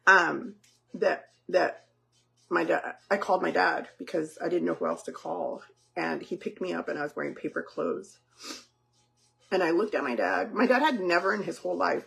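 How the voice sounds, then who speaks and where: A woman's voice: mid-range voice, creaky. A woman and mother chatting casually with her viewers while making dinner, talking directly to them with lots of fillers. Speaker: livestream host and mother. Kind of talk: casual chat while cooking.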